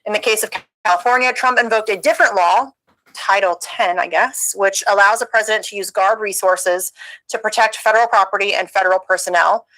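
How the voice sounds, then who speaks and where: A woman's voice: mid-range voice, brisk, pushed and bright, rough recording. A woman from the United States co-hosting a talk show, reading news aloud and adding sarcastic asides. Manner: reads steadily, adds sarcastic asides. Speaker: podcast co-host.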